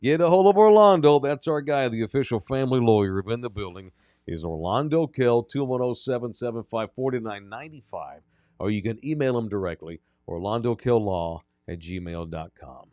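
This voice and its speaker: Joking sports radio co-host, lively. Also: male voice, on the low side, normal speed, no room sound, clean studio sound. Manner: joking, reads ads, laughs a lot. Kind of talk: casual chat.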